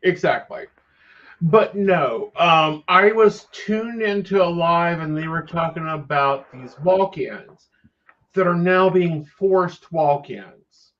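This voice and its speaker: A man's voice: on the high side, expressive, slow. A man hosting a casual chat, gossipy with dry, wry asides. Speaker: psychic host. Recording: dull lo-fi sound.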